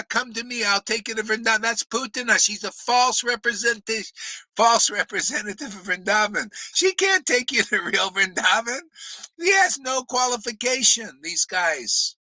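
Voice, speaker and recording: This extremely high-pitched man delivers a fiery, profane sermon while teaching a spiritual class in the desert, scolding listeners and frequently breaking into laughter and shouts. The recording has no echo but is rough.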